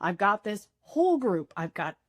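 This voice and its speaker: A woman's voice: mid-range voice, sing-song, moderate pace, no room sound. A woman telling a funny work story in a casual chat, laughing and quoting people.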